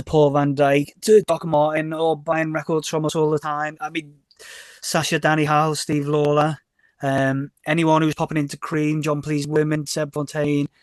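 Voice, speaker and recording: Scouse guy in his 40s or 50s chatting on a podcast, voice sits a bit high, dry close sound, keeps repeating and fixing himself. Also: dry recording. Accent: Liverpool Scouse. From Liverpool, England. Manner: rambling and self-correcting, often repeats words; lively storyteller who acts out quoted exchanges. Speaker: DJ and label owner, podcast guest. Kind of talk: casual interview chat.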